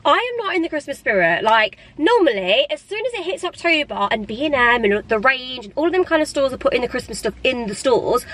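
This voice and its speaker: A young woman, gushing and chatty as she vlogs, her voice a little hoarse. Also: high voice, brisk, few pauses, rough recording. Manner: excitable, gushing, fills with "like". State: slightly hoarse. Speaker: vlogger. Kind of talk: casual chatty vlog. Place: in a parked car, then in a shop.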